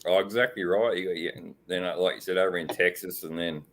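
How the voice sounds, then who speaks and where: A man's voice: low-pitched, steady tone, quick pace, a bit bright, slight background noise. An Australian man hosting a casual live-stream chat, rambling with lots of fillers and frequent laughs. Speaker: host.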